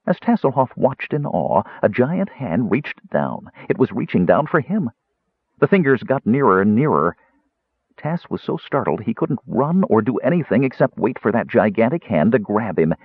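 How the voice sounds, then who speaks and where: A man narrating a fantasy novel aloud in an expressive storytelling way. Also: mid-range voice, moderate pace, breathy edge, dry recording. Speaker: audiobook narrator. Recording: tinny phone-like sound.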